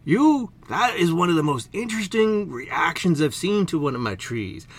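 Man voicing giant squirrel, stoner drawl, surfer slang, lively. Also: a little high, moderate pace. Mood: mellow. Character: laid-back stoner giant male squirrel.

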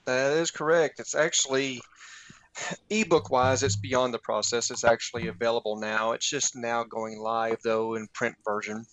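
A man speaking as a guest author, with an easy, talkative way of telling stories. His voice is mid-pitched and sounds close and dry, with no room echo around it. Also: fairly even intonation, normal speed, a bit bright. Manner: chatty, laughing storyteller. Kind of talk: casual interview chat.

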